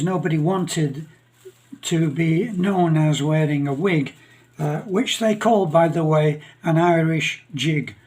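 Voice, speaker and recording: Rambling Northern English man, slow and high. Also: a little mellow. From England. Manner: rambling, chuckling, with many pauses and fillers. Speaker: channel host. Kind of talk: casual storytelling monologue.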